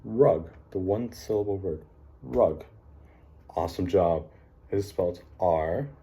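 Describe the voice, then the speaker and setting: A man teaching a phonics lesson, encouraging the class and slowly sounding out letters, with frequent ums and likes. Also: sits low, mellow. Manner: frequent fillers like um and like.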